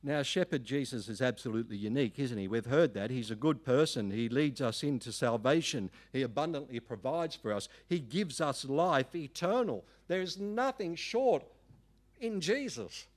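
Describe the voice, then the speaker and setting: A middle-aged man, preaching a sermon in an emphatic, animated way with folksy asides. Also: medium pitch, normal speed. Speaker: pastor.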